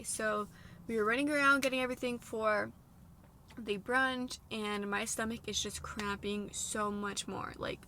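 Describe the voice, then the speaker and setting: A young woman in her twenties telling a personal story in a long, run-on way, full of "like", her voice going soft at hard moments. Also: mid-range voice, a little hiss or hum. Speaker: vlogger sharing a personal story.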